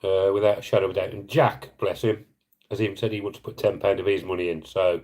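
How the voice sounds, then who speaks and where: A man talks on a live stream in a fairly low voice. He is earnest and emotional, rambling a little and apologising as he goes, and he breaks off to thank viewers by name in casual chat. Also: steady tone, fast talker, a little mellow, rough recording. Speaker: live streamer appealing for donations.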